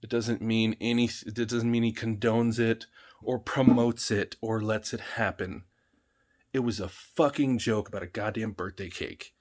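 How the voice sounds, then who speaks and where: A man's voice: on the low side, fairly even intonation, unhurried. Heated, cursing man ranting. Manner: heated, profane, emphatic. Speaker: vlogger. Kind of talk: ranting vlog.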